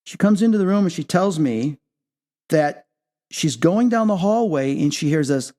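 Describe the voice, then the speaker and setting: A man hosting a paranormal talk show, telling a personal story in an animated way. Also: normal speed. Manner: excitable, leaps high when reenacting his own reactions. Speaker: podcast host.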